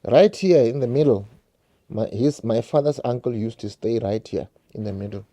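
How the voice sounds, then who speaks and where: A man's voice: mid-range voice, expressive, normal speed, mellow. A South African man telling a painful personal story straight to his viewers, repeating phrases and calling them guys. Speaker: vlogger.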